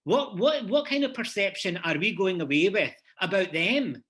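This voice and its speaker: A man's voice: high voice, lively intonation, moderate pace, a bit bright. A man with a Glasgow Scottish accent speaking earnestly on a conference panel, with many restarts. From Scotland. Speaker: panelist, head of university department.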